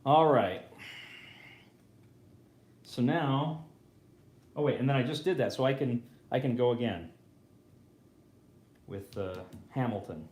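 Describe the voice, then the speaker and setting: Man, mid-pitched, casual live board game host, self-correcting, roomy echo. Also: darkish tone.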